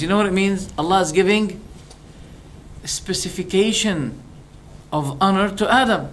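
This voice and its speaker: A man with a fairly high voice delivers a religious lecture to his listeners. He is animated and rhetorical, firing off quick questions and briefly acting out both sides of an argument. A faint hum of background noise sits beneath his voice. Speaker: Islamic preacher.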